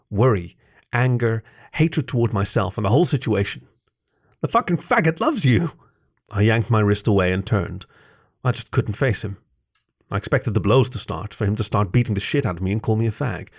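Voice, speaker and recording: A man with a fairly low voice reads a first-person story aloud. His delivery is measured and soft-spoken. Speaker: story reader.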